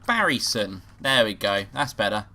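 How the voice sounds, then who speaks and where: A man's voice: fairly low pitch, big pitch swings, moderate pace, pushed and bright. A man playing a visual novel and reading it out, joking and swearing, with game music behind. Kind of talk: profane let's play commentary.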